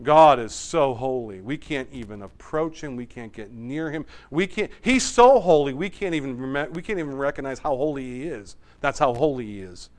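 A man preaching a sermon as pastor, swinging between emphatic raised passages and quiet, hushed asides. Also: mid-range voice, animated, moderate pace, few pauses.

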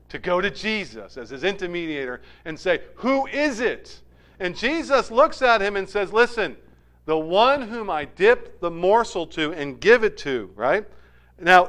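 A man preaching a sermon, retelling a scene dramatically, his voice rising for emphasis and sinking low and quiet.

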